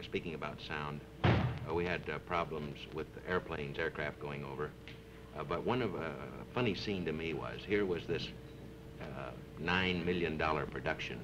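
A man who is a comedian at a press interview, wry and teasing as he tells a joking anecdote. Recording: noisy 1960s archive recording with rumble.

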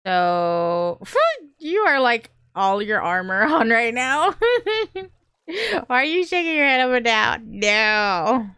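A woman hosting a gaming channel, chatting casually and excitably through gameplay, often squealing and laughing. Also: a little high, takes it slowly, smooth, dry recording, studio quality.

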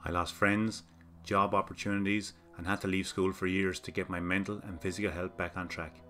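A man narrating a scary story in a steady, measured way. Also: low-pitched, soft background music. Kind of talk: scripted horror narration.

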